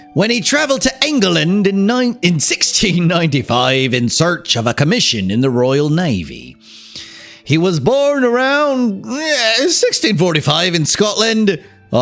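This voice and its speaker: A man with a Southern California accent hosts a livestream, reading aloud and joking around with his chat. His voice sits a little high and has some creak. He's animated and playful, swearing and riffing on what chat says.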